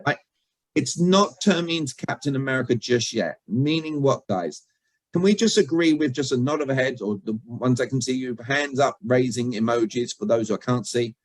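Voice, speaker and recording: A man's voice: mid-range voice, lively intonation, normal speed, no echo, low-quality recording. British-born male trainer, jokey and interactive, dry close sound on a video call. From Britain. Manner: chatty, jokey, asks the audience questions. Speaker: communication trainer. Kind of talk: interactive online workshop.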